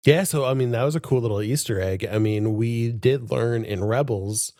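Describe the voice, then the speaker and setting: A man's voice: mid-range voice, moderate pace, darkish tone, dry recording, studio quality. A man co-hosting a podcast, chatting casually and enthusiastically, laughing often and using lots of fillers. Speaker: podcast co-host. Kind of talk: casual chat.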